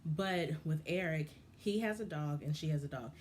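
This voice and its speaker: Woman, low voice, opinionated vlog commentator, heated and frustrated, faint background hiss. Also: moderate pace, darkish tone. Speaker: vlogger reviewing a reality show. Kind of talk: casual commentary.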